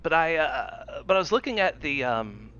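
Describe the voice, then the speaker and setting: A man's voice: on the high side, very animated, moderate pace, pushed and bright, clear, resonant tone. Guy on a podcast rambling, lots of stammers, bouncy voice, kinda muffled dry mic. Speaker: podcast co-host. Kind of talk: casual chat.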